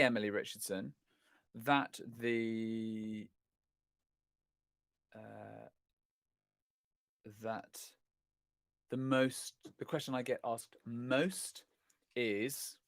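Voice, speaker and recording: Male host, middle-aged, casual rambling live-chat delivery, mid-pitched, close and dry. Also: slow, gravelly, pauses often, fairly bright tone, no echo. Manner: chatty, rambling, self-correcting, self-deprecating. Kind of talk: casual chat answering viewer questions.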